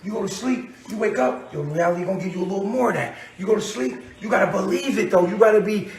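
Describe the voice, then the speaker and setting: Male street preacher type, very high voice, echoey distant recording. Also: fast, few pauses, a crowd in the background. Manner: preachy, repetitive, escalating into shouting. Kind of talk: rambling philosophical monologue. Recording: echoey, from far off the mic.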